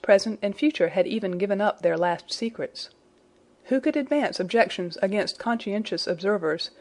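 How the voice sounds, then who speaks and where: A woman reading a classic adventure novel aloud in a measured, even storytelling manner. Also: mid-range voice. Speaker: audiobook reader.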